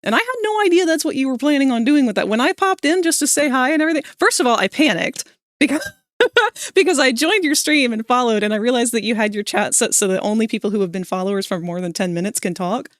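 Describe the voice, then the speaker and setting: A young woman streaming live while drawing, chatting casually with her viewers, sleepy but breaking into animated, laughing bursts. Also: a little high, fast, no echo, studio quality.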